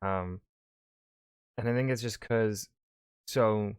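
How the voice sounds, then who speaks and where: A man hosting a reaction video, giving relaxed, rambling commentary. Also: on the low side, takes it slowly, clean tone, no room sound, studio quality. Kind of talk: casual commentary.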